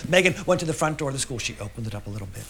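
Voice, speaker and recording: A storyteller giving an animated live performance of a children's tale, oinking as the pigs and swinging between loud and soft. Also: mid-range voice, very fast, vocal fry. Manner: animated, shifts loudness for effect, oinks as pigs. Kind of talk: lively storytelling performance for an audience. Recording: live recording with audience noise.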